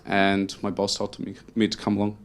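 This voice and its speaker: Flat-voiced Australian man, offhand. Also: fairly low pitch, moderate pace, a little hiss or hum. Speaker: panel speaker. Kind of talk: self-introduction.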